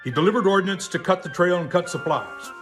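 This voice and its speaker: A man's voice: sits high, a little fast. Man, 60s, retired general, blunt, political ad, music behind. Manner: blunt, pointed address. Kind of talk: direct-to-camera political ad. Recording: voice over background music.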